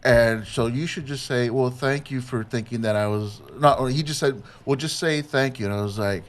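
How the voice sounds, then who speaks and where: A man hosts a casual podcast chat at an ordinary pitch. He retells what happened haltingly and restarts his sentences often. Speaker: podcast host.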